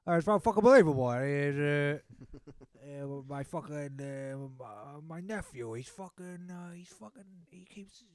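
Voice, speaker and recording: A man's voice: a little high, lively intonation, measured pace, dry recording, pitched above the performer's own voice. A man playing a hot-headed middle-aged mob boss who swears and blusters. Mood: exasperated.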